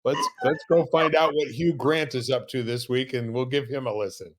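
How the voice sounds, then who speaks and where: A male host in a relaxed interview with a voice of ordinary pitch. He thinks aloud, paraphrasing his guest's words, and drops in light-hearted jokes. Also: normal speed. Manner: reflective, paraphrasing, joking. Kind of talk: casual interview.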